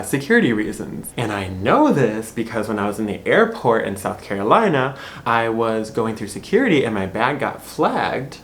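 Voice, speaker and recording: A man's voice: fairly low pitch, slight background noise. Chatty Michigan-accented man laughing often. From Michigan, USA. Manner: chatty, laughs often at his own points. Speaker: vlog host. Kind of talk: casual talk to camera.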